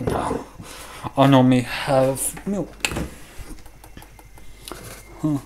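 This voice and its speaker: Slow, hesitant British man vlogging. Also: medium pitch, darkish tone, slight background noise, low-quality recording. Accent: British English. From Britain. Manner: hesitant and rambling, many ums. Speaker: vlogger reviewing a coffee machine. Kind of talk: casual vlog. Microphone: handheld camera.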